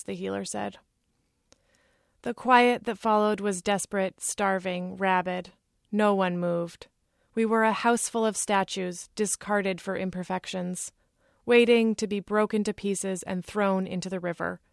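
Brief: woman author, measured literary reading, middle pitch, dry close-mic sound. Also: fairly even intonation, gravelly, dry recording. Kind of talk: reading aloud from her novel.

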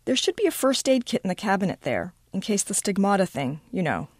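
A woman's voice: mid-range voice, sing-song, a little fast, breathy edge, no echo, clean studio sound. A woman doing a wry male priest.

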